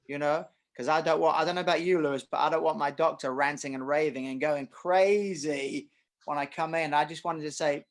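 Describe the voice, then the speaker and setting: Middle-aged man, tennis coach, casual podcast chat, animated, tells examples. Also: a little high, brisk. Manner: animated storyteller, uses acted examples.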